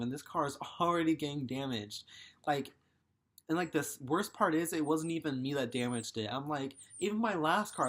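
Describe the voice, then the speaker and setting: A man's voice: on the high side, fairly bright tone. A young man in his twenties telling a story casually, swearing and exasperated. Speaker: vlogger.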